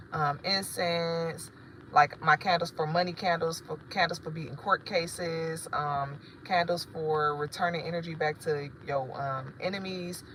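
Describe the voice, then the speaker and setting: Chatty woman with a bright voice. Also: low-pitched, slight background noise, poor audio. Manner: rambling, chatty, profane, addresses viewers directly. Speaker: spiritual shop owner and livestreamer. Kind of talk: casual livestream chat.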